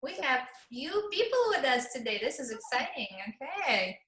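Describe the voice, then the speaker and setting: A woman co-hosting a dance talk show over a video call, talking eagerly and excitedly. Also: high voice, moderate pace, reverberant, a little hiss or hum. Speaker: host. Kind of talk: casual talk-show chat.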